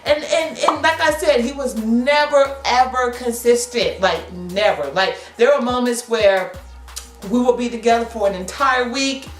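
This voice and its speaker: A woman in her thirties telling a story to camera in a slangy, animated way, laughing often. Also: a little high, unhurried, reverberant, faint music behind. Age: 30s. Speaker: vlogger. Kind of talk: casual storytelling.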